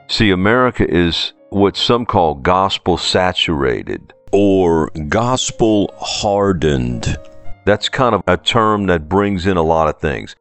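Deep-voiced preacher with a New Orleans accent. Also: male voice, smooth, no room sound. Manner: emphatic, with pointed rhetorical questions. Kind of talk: sermon.

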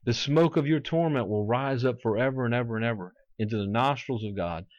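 A man's voice: medium pitch, a little fast, dry recording, lo-fi sound. A man preaching a fervent sermon, quoting scripture and acting out mocking voices.

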